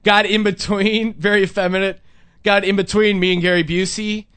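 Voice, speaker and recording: High-voiced man telling stories, dry sound. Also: normal speed, clean tone, no room sound. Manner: animated, acts out people he quotes. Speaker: podcast host. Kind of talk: casual storytelling chat.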